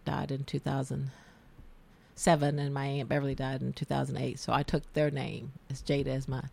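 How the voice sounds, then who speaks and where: Gravelly Southern woman hosting radio talk. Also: rumbling low, completely flat delivery, brisk, darkish tone. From American South. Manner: tangential, emotional storyteller. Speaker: radio show host.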